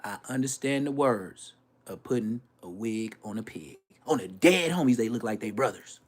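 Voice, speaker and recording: A man's voice: fairly low pitch, normal speed, husky. A man as a brash Florida YouTuber, casual foul-mouthed rant, voice leaping up and down. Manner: animated, brash, swearing, mimics others' voices.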